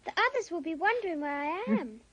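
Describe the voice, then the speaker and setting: A woman's voice: extremely high pitch, animated, brisk, fairly bright tone, highs cut off. A woman voicing Lucy, a polite, earnest young girl. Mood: earnest, pleading. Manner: earnest, pleading, well-mannered.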